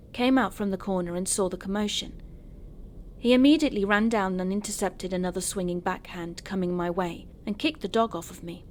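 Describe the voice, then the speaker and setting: A woman narrating true horror stories in a steady first-person storytelling manner. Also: mid-range voice, slight background noise.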